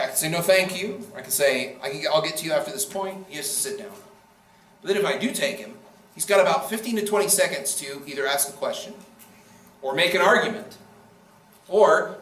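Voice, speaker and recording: A man's voice: fairly high pitch, a bit bright. A man giving a casual classroom lecture on debating, joking and acting out quoted speakers. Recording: echoey room from far off.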